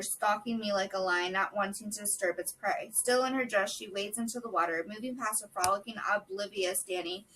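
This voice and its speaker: Woman, book vlogger, steady measured reading aloud, faint background noise. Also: mid-range voice, distant mic, low-quality recording. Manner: steady, measured reading with brief casual asides. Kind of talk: reading a novel chapter aloud.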